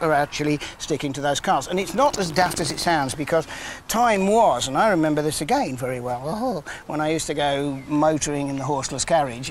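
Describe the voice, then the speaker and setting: An older English man hosts a live nature programme outdoors, chatty and full of little self-mocking jokes. His voice sits a touch high for a man, and faint background noise runs under it. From England. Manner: chatty, jokey, self-deprecating. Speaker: wildlife TV presenter.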